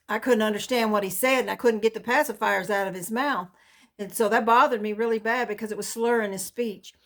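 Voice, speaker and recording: A woman's voice: mid-range voice, a bit bright. A mother earnestly telling a personal faith testimony in a folksy storytelling way.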